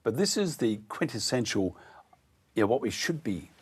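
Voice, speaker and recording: An Australian man hosting talk radio, indignant and halting, with many fillers. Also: medium pitch, sing-song, slight background noise. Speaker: radio host.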